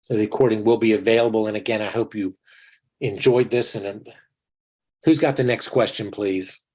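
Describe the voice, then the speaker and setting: Heard through a rough recording, this man's voice is low-ish and a little mellow, with fairly even intonation at a moderate pace. A dentist in his sixties, he gives an online lecture with personal stories, earnest and folksy, frequently calling listeners his friends.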